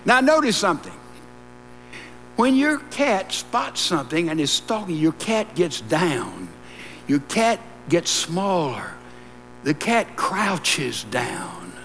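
A man's voice: sits high, a bit bright. A man preaching a sermon, emphatic and repetitive, with asides to the congregation. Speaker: pastor. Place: church sanctuary. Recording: long reverb and mains hum in a church.

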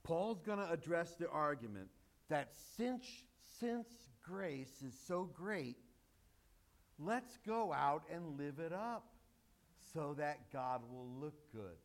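High-voiced, slow-paced man preaching. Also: expressive. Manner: emphatic, joking asides to the congregation. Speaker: pastor. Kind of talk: sermon.

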